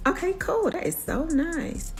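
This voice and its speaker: A woman's voice: very high-pitched, expressive, measured pace, soft background music. A middle-aged woman, a mother, telling an incredulous story to her phone. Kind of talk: casual story to camera.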